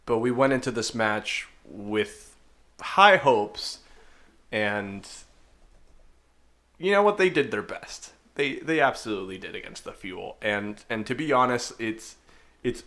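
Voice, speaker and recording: A man hosting a casual esports chat, relaxed and chatty with lots of fillers. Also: lowish voice. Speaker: podcast host.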